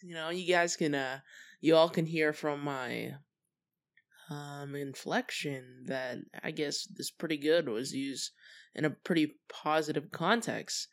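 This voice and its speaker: Young adult podcast host, mid-pitched voice, loose and chatty delivery full of ums and trailing thoughts. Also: a little slow. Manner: relaxed, chatty, with many fillers and trailing thoughts. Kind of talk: casual solo podcast talk.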